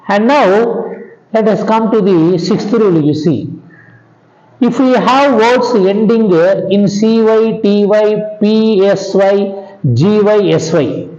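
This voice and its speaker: Male grammar teacher, unhurried and repetitive, roomy muffled recording. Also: high voice, a little mellow. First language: Telugu. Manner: slow, repetitive, keeps asking "understand?". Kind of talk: classroom lecture. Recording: echoey room, dull lo-fi sound.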